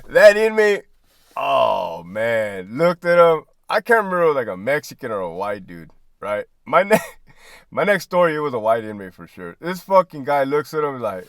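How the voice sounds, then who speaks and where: A former prison guard with a mid-range voice speaks at a normal speed, telling stories casually and animatedly. He swears freely, laughs mid-sentence, and constantly tags lines with "right?" The studio-quality recording has no room sound.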